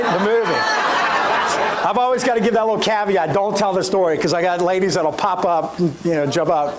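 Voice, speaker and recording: A man's voice: high voice, a little hiss or hum, poor audio. A middle-aged man, giving a storytelling motivational keynote and speaking straight to the audience. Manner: animated, addresses audience directly.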